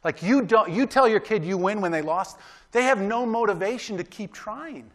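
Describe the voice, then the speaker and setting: A man delivers a sermon in a loose, chatty style, tossing "right?" out to his congregation between points. His voice sits notably high for a man. He pushes hard when he exhorts his listeners to try harder and train to win. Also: moderate pace, a bit bright. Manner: conversational preaching with frequent "right?" asides; emphatic, exhorting. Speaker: pastor.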